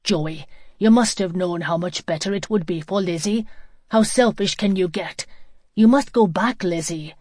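Woman reading as honest teenage boy, indignant, forceful, storybook, dry sound. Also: on the low side, moderate pace, dry recording, natural voice. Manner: forceful, reproachful.

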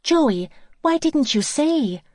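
A woman's voice: high-pitched, sing-song, slow pace, a little mellow, no room sound, studio quality, voice pushed up, heavily acted. A woman reading an audiobook and voicing an anxious, upset young girl who pleads in distress.

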